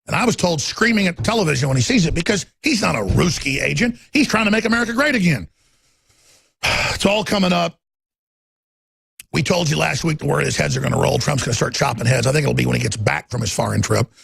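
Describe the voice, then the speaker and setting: Fired-up radio host guy, gravelly and raspy, ranting nonstop, kinda high voice. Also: expressive, brisk, no room sound, clean studio sound. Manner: impassioned ranting, swings from loud to muttering. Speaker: radio talk show host. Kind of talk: talk radio monologue.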